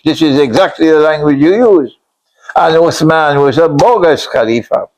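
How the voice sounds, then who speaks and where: A man giving a religious lecture as an Islamic scholar, speaking emphatically, repeating key phrases and at times rising to a shout. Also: a little high, poor audio. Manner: blunt, admits harsh language.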